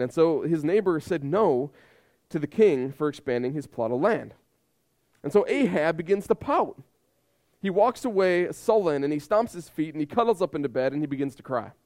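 A man's voice: a little high, expressive, moderate pace, a little mellow. A man in his thirties preaching a sermon with emphatic repetition and rhetorical questions. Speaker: pastor.

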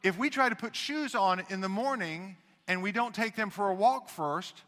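A man preaching a sermon as pastor, talking conversationally and swinging between loud emphasis and hushed asides. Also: high-pitched, moderate pace, big-room sound.

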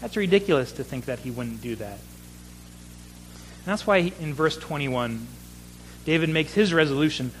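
Earnest preacher man, fairly high voice. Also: lively intonation, measured pace, long pauses, slight background noise, poor audio. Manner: earnest, building emphasis with repeated phrases. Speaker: pastor. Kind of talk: sermon.

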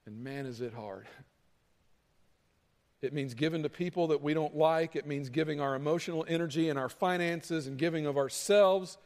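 A man with a high voice preaches in a casual, conversational way. Now and then he acts out a heated argument to make his point. The sound carries a long reverb from a large church hall. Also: moderate pace. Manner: conversational preaching, acting out angry quarrels with rising pitch. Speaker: pastor. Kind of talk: sermon.

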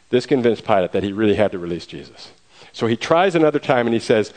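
Man preaching a lively story sermon. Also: mid-range voice, fast talker, rough recording. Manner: lively retelling with acted quotes.

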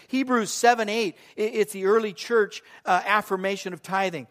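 A man's voice: high-pitched, a little fast, hardly any pauses, fairly bright tone. A man in his sixties preaching a sermon, asking the congregation rhetorical questions and acting out voices of doubters. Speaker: pastor.

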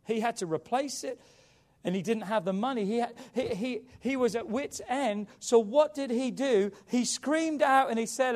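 A man preaching a sermon as pastor, with emphatic rises and quiet drops. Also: very high voice, measured pace.

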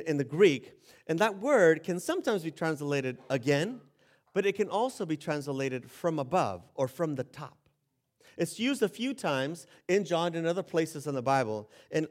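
A man's voice: a little high, expressive, normal speed. A man preaching a sermon in a conversational way, joking about himself and often restarting phrases. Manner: conversational, self-deprecating, with laughs and restarts. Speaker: pastor.

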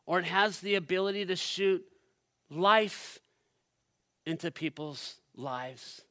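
A man preaching in a high, bright voice at a church service. He speaks straight to the congregation and moves between loud, driving stretches and quiet, hushed ones. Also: slow. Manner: addresses the congregation directly. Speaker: pastor. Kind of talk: sermon.

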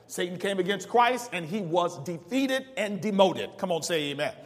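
A male pastor preaching a call-and-response sermon, reading verses aloud and pausing for the congregation to fill in the words. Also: sits high, lively intonation, in a large hall. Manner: preaches with rising call-outs and asks the congregation to finish verses.

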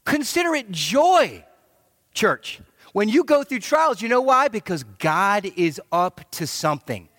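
Male pastor, middle-aged, playful preacher with a swooping, expressive delivery. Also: high voice, unhurried, dry recording, studio quality. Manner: animated, joking preacher who acts out quotes. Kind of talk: sermon.

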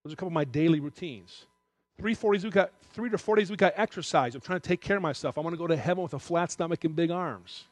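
A man's voice: a little high, fast talker, no room sound. A middle-aged man giving a sermon in a candid, conversational way, at times emotional. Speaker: preacher.

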